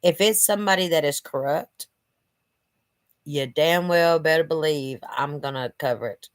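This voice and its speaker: Speaking at a moderate pace in a deep voice, with no echo, a channel host addresses her viewers casually from her living room. She rambles earnestly, peppering her talk with "you know," and sounds somewhat stuffy from allergies.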